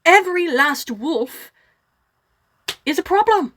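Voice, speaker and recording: A woman voicing a gruff, hot-tempered dwarf king in a ranting, booming manner. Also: animated, slow, a bit bright, slight background noise, full character voice. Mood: furious.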